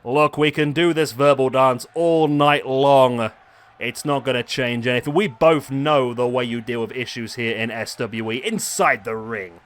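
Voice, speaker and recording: A man voicing a tough male wrestler with a put-on Scottish accent, gruff and blunt, taunting for a fight. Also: medium pitch, fairly even intonation, a little slow, close to an everyday voice. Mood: challenging. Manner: challenging, taunting, calls for a fistfight.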